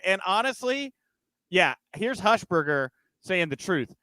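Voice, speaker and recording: A man's voice: sits high, big pitch swings, unhurried, pushed and bright, dry recording, rough recording. A man hosting a podcast, running through news in a loose, chatty way with frequent fillers and jokey asides. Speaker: podcast host. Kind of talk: casual news chat.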